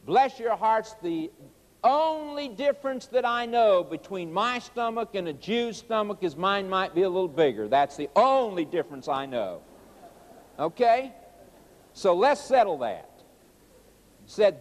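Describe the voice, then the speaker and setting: A man's voice: high-pitched, very animated, moderate pace, big-room sound. A middle-aged man preaching a sermon, a folksy storyteller who talks to the audience as folks and acts out quotes in a raised voice. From rural United States.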